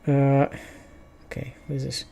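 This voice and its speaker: A man streaming his Japanese study, sounding out practice sentences slowly with many restarts and chatting casually between them. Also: mid-range voice, completely flat delivery, creaky, dark tone, husky, faint music behind.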